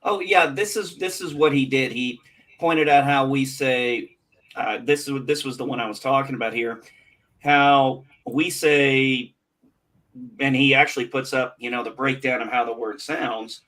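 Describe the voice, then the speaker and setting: A man's voice: medium pitch, steady tone, measured pace, fairly bright tone. Rambling American man chatting. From United States. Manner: rambling, curious, many restarts. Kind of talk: casual chat.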